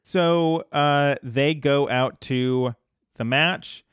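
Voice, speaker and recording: A man's voice: on the high side, drawn-out words, a bit bright, clean tone, dry recording, clean studio sound. A man co-hosting a casual podcast chat about a cartoon, wry and joking. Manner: wry, joking, breaks into playful singing. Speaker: podcast co-host.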